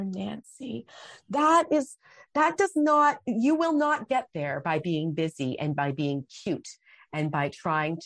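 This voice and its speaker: Low-voiced impassioned woman. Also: no echo. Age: middle-aged. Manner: impassioned, dramatic acted-out quotes. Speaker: guest speaker. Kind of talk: faith podcast interview.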